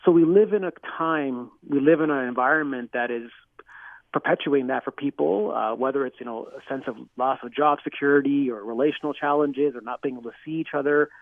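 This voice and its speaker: A man's voice: mid-range voice, a little fast, dry recording. A man, a clinical psychologist, answering interview questions in an earnest, explanatory way with frequent restarts and "you know". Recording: dry tinny phone line.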